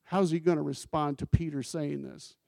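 Male pastor preaching, kinda high voice, chatty, asks the room questions, dry sound. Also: steady tone, moderate pace, gravelly, darkish tone, no room sound. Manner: conversational, asks the congregation questions; acts out scripture quotes with emphasis. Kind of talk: sermon.

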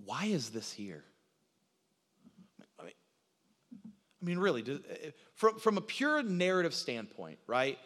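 A man preaching a sermon, animated, acting out quoted lines, with frequent restarts. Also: on the high side, unhurried, pauses often. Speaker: pastor. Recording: reverberant hall sound.

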